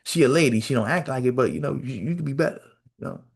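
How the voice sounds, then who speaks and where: A male podcast host telling a story in a casual, animated rant, repeating phrases and acting out quotes. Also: medium pitch, fast, gravelly. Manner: animated storytelling with lots of repetition and acted-out quotes.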